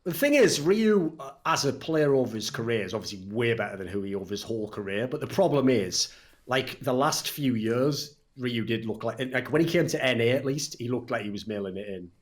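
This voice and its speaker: A man hosting a casual esports podcast, animated and swearing freely, often mimicking other people. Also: medium pitch, a little fast. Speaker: podcast host.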